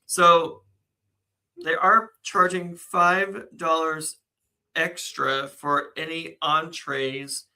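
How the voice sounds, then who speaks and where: A man's voice: a little high, little pitch movement, very slow, pushed and bright, rough recording. A man co-hosting a casual live chat, reading out news items and laughing often. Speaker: co-host.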